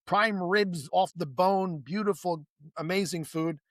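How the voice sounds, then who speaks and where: A man's voice: high voice, a little slow, dry recording, clean studio sound. A man, the guest in a casual conversation, telling long stories with many restarts and asides, acting out the voices of people he quotes. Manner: animated storyteller who acts out quoted dialogue.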